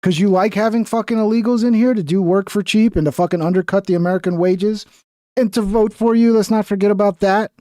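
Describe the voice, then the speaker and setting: A man's voice: sits high, fairly quick, dark tone, no echo. Angry man ranting in dry audio. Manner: heated, profane, exasperated ranting. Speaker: political commentator reacting to clips. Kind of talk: casual reaction commentary.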